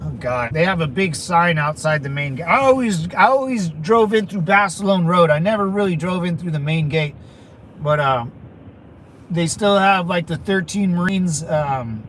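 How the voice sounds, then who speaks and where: A man's voice: a little high, moderate pace, a bit bright, slight background noise. Rambling man chatting while he drives. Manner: rambling, with many restarts and crude asides. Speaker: channel host chatting with viewers. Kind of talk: casual livestream chat while driving. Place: inside a car, driving around town.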